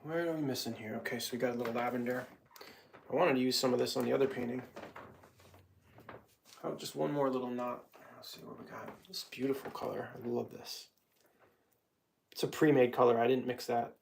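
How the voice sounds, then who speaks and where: Gravelly man chatting while he paints. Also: medium pitch, steady tone, a little fast, pauses often, a little hiss or hum. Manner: rambling, talks to himself and chat while working; gets heated and louder when ranting. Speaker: live-stream painter. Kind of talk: casual live-stream chat while painting.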